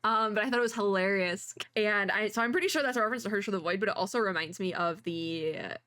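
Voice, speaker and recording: A young woman giving casual reaction commentary as a VTuber, gushing and excitable, talking to herself as she watches. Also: medium pitch, fast talker, no echo, clean studio sound. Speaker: VTuber reacting to an animated short.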